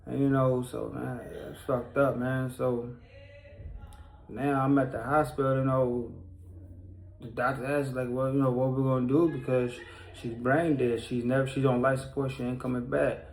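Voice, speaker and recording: A man's voice: medium pitch, fairly even intonation, unhurried, creaky, reverberant, slight background noise, low-quality recording. Somber man telling a rambling story. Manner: rambling, heavy with fillers and restarts; somber, pained retelling of a loss. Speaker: person sharing a personal story. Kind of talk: casual spoken storytelling.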